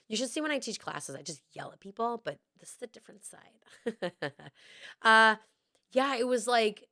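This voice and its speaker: A woman's voice: a little high, expressive, normal speed, sharp tone, dry recording, studio quality. A woman in her forties hosting a podcast, talking candidly and emotionally with frequent swearing. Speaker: podcast host. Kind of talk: casual personal monologue.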